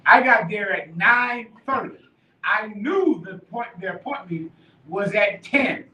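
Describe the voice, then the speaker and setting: High-voiced preacher, emphatic, in an echoey room. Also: male voice, lively intonation, slow pace, far from the mic. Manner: emphatic, swings from quiet to shouting, laughs and swears. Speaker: class leader. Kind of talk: fiery live preaching to a class. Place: live meeting room.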